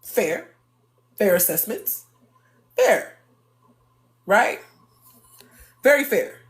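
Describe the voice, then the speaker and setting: Woman on a live stream, kinda high voice, talks blunt and animated, cusses a lot. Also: measured pace. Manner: blunt, profane, animated storytelling. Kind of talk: casual live-stream chat.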